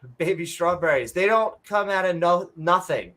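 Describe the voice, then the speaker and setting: A woman's voice: on the low side, lively intonation, normal speed, a bit bright. A woman co-hosting a podcast, ranting bluntly and sarcastically in casual chat and swearing freely. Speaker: podcast co-host.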